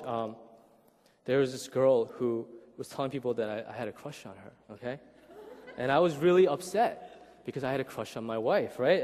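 A man in his thirties preaching a conversational sermon, animated and often checking in with "right?". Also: fairly high pitch, long reverb tail. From Korean heritage. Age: 30s. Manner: animated, keeps asking "right?", acts out voices. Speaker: pastor.

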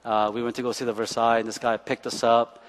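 A man's voice: medium pitch, flat delivery, fast. A man in his forties, a pastor, preaching a sermon as chatty stories, often laughing and asking "right?". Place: church. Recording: echoey church hall.

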